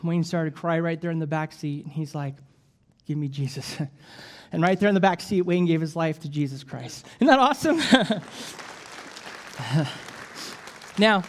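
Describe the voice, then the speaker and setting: A man preaching as an evangelist, telling stories with jokes and an animated, lively delivery. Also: fairly high pitch, a little slow, pauses often, some chatter behind. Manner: animated storytelling with jokes and laughs. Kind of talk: sermon.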